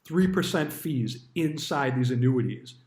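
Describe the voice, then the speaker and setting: A man tells stories from his years as a stockbroker in a blunt, offhand way, and swear words come easily. His pitch sits in the middle. The recording has a roomy echo. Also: lively intonation, measured pace, darkish tone. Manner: blunt, swears freely, acts out quoted dialogue. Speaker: retired stockbroker telling stories. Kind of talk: casual storytelling monologue.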